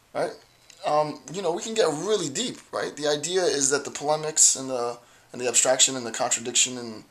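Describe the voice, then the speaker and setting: Man, mid-pitched voice, playful philosophical vlog rambling, digressive. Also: fairly bright tone. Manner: playful, digressive, keeps asking "right?". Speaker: video blogger.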